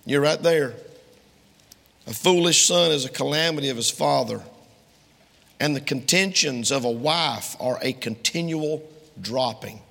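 A man's voice: medium pitch, a little slow, creaky, pauses often, a bit bright, big-room sound. A man preaching a sermon to a congregation, quoting King James scripture emphatically and speaking to his listeners directly.

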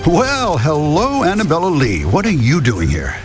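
An actor playing a gentle, fatherly older widower in a radio drama, speaking softly and affectionately with chuckles. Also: a little high, big pitch swings, normal speed, music in the background. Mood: kindly. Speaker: kindly widower adopting an orphan.

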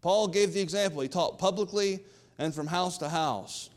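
A man's voice: high-pitched, normal speed, big-room sound. A man preaching a sermon, folksy and emphatic, with asides to the congregation. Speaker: pastor.

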